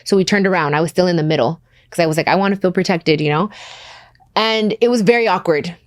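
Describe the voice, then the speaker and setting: A woman's voice: lowish voice, fast talker, dry recording, studio quality. Candid woman host telling a personal story. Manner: candid, emotional, quotes others in dialogue. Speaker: podcast host.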